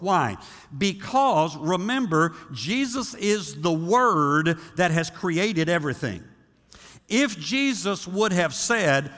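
A male pastor preaching in a large hall, his bright, forceful voice carrying a long reverb tail. He talks with a fairly high pitch and lively delivery. He drags out key words for weight and speeds through asides. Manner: animated preaching, slowing for emphasis and acting out quoted voices. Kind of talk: sermon.

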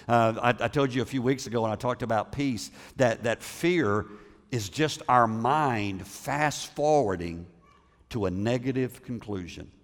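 Conversational preacher in a reverberant hall. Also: male voice, fairly low pitch. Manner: conversational, repeats words, asks the congregation questions. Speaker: pastor. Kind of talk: sermon.

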